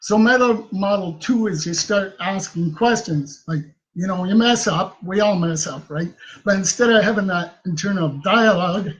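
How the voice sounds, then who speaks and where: Speaking at a moderate pace in a voice that sits high, a man hosting a self-help video chats to the camera with casual advice, ending many sentences with a questioning "right?". The recording quality is low.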